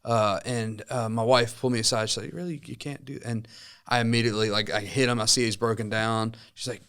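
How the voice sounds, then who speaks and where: A man in his thirties telling a personal story in casual chat, with lively, halting restarts. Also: on the low side, clear, resonant tone. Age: 30s. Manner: animated storytelling with many restarts. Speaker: co-host.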